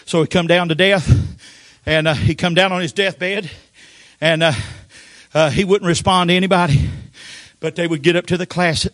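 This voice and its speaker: An older man preaching a Pentecostal sermon, telling folksy stories with frequent amens and sudden shouted outbursts. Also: sits high, steady tone, normal speed, no room sound, studio quality.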